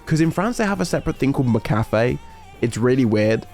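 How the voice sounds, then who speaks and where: A man's voice: medium pitch, very animated, brisk, darkish tone, faint music behind. A young man from the UK telling a story in casual stream chat, rambling and interrupting himself, laughing often.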